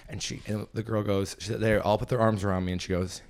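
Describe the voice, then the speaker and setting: A man's voice: fairly low pitch, very fast, hardly any pauses. Gossipy young man telling a comedy story. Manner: animated, gossipy, bursts into loud laughs. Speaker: podcast host and stand-up comedian. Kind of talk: casual storytelling chat.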